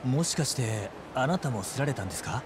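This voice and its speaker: A man's voice: mid-range voice, lively intonation, very fast, noisy background, lightly acted. An actor voicing a polite man who has been robbed by a pickpocket in a video game. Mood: earnest.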